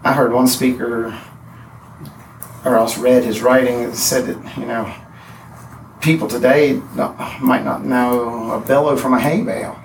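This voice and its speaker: A man teaching a poetry class, speaking haltingly with restarts and counting out the beats of meters. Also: mid-range voice, little pitch movement, vocal fry, slight background noise. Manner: halting, many restarts and fillers, counts out rhythms. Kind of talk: classroom lecture. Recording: echoey room from far off.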